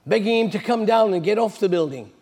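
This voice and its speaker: A man's voice: high voice, fast. A man preaching a sermon, retelling scripture stories in a chatty storyteller manner. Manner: conversational storytelling, animated retelling. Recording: long hall reverb.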